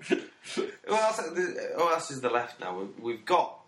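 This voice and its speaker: A man's voice: a little high, very animated, a little slow. A man, chatting in a rambling, joking way as a podcast co-host. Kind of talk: casual comedic banter. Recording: echoey room with faint noise.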